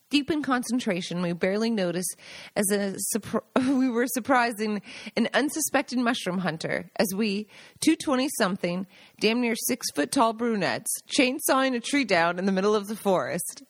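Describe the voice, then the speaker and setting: A woman's voice: medium pitch, expressive, moderate pace, no echo. An American woman, a podcast host, reading her own memoir aloud in a conversational, wry, self-amused way. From United States.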